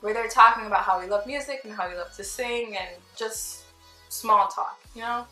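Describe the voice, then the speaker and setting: Bright-voiced young woman telling a story. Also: on the high side, normal speed. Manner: chatty and animated, acts out the people she quotes. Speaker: vlogger. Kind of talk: casual storytime. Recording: roomy with faint background music.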